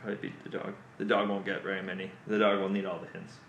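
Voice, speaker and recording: A man hosting his own video, recapping a puzzle in an excitable, self-mocking way. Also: deep voice, rapid-fire, highs cut off, a little hiss or hum. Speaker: magician and comedian host. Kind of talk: animated storytelling recap.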